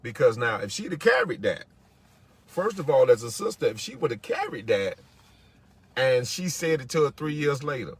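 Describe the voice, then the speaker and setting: A man's voice: medium pitch, sing-song, husky. A man, backing up the pastor and adding his own thoughts in conversation. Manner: affirming, conversational, drawn-out.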